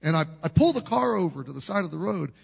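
Man, middle-aged pastor, storytelling sermon, earnest and conversational, gravelly, long hall reverb. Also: high voice, sing-song, fast. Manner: earnest, conversational, frequent restarts and repeated words.

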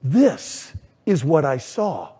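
A man in his sixties, a pastor, preaching a sermon as a folksy storyteller who shouts some lines and drops others to near-whispers. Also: a little high, very animated, takes it slowly, breathy edge. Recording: long hall reverb.

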